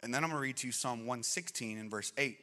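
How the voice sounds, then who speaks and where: Impassioned preacher in an echoing hall. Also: male voice, mid-range voice, fast talker. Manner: dynamic preaching, swings from loud to hushed. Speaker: pastor. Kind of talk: sermon. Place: church auditorium. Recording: long reverb of a church hall.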